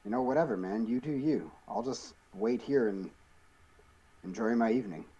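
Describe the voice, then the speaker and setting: A man's voice: mid-range voice, normal speed, warm tone, slightly rough, dull audio. A man playing a character in a tabletop role-playing game, drawling and sarcastic. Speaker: player. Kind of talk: casual role-play as a player character.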